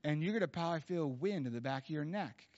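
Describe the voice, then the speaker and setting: A man preaching at a church, telling stories in a casual, animated way with many fillers. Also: a little high, fast talker. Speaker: guest preacher. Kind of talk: storytelling sermon. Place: church hall. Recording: dull lo-fi sound.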